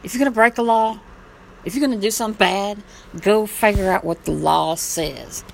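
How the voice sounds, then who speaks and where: A woman's voice: medium pitch, normal speed, vocal fry, a little hiss or hum, rough recording. A woman talking straight to camera in a casual vlog, blunt, rambling and impassioned, swearing freely. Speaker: vlogger. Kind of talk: casual monologue.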